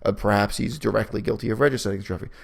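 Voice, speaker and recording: Gravelly, opinionated man talking shop. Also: on the low side, steady tone, racing. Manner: opinionated, sarcastic, breaks into mocking voices. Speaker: video reviewer. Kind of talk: casual analytical discussion.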